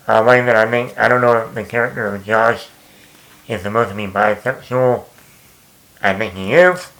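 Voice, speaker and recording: A young man giving a casual spoken movie review, rambling, often restarting and repeating words, with animated asides. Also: mid-range voice, low-quality recording.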